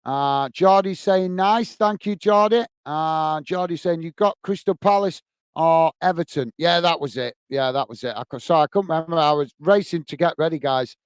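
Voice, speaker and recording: Male streamer, smooth voice, casual and chatty, quick to grumble, dry close mic. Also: on the high side, dry recording. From England. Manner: chatty, easily frustrated, thanks viewers by name. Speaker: football channel host. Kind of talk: live match watch-along, reading out chat.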